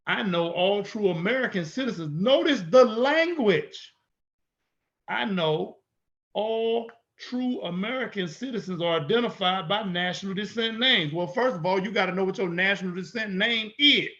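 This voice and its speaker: A man's voice: high-pitched, moderate pace, pushed and bright, muffled recording. A man teaching in an emphatic way, repeating his points and asking rhetorical questions. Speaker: instructor. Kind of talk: teaching lecture.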